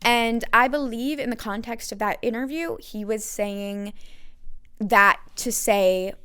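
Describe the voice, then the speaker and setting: A woman's voice: a little high, slow, pushed and bright, clear, resonant tone. A young American woman hosting a solo podcast, talking candidly and thinking aloud with frequent ums and likes. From United States. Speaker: podcast host.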